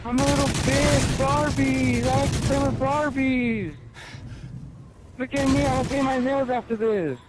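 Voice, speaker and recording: A man putting on a mocking, whining voice of a bratty boy crying to his mother, over loud game gunfire. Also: extremely high pitch, very noisy. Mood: mocking whine. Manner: mocking, whining, drawn-out sneer. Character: whiny bratty boy gamer crying to mommy.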